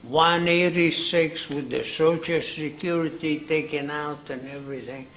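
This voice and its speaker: Elderly man, raspy gravel, slow unhurried talk, interviewee telling old stories. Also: a little high, fairly even intonation, fairly bright tone, a little hiss or hum. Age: 90s. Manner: unhurried, repeats himself, folksy phrasing. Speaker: interviewee, accordion builder. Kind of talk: reminiscing storytelling.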